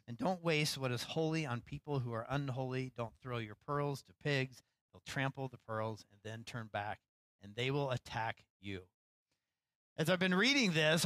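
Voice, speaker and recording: A man, a pastor, preaching a sermon in a relaxed, conversational way, acting out lines with rising animation and poking fun at himself. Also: mid-range voice, dry recording, rough recording. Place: church.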